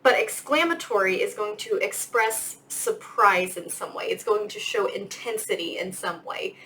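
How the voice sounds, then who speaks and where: A woman's voice: medium pitch, moderate pace, sharp tone, a little hiss or hum, low-quality recording. A young woman giving a casual grammar lesson as a teacher, chatty and full of fillers. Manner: chatty, lots of "like" and "um". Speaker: English teacher.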